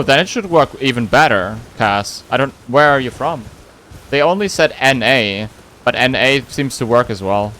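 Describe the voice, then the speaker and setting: A medium-pitched man with a fairly bright tone chats casually with his viewers during a game stream. He reads chat out loud and hums and sings nonsense in a playful manner. Faint music and slight background noise sit behind him.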